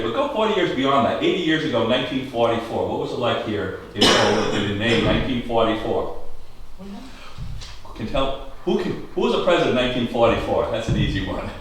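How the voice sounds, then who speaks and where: A man's voice: lowish voice, a little hiss or hum. A middle-aged man from Maine hosting a local history talk, chatty and joking with his audience and asking them questions. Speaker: historical society host. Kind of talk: casual talk to a small audience. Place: schoolhouse room. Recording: echoey room from far off.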